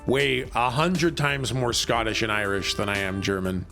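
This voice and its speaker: A man's voice: mid-range voice, steady tone, moderate pace, creaky, pushed and bright, faint music behind. A young man from Canada, chatting casually and rambling on stream.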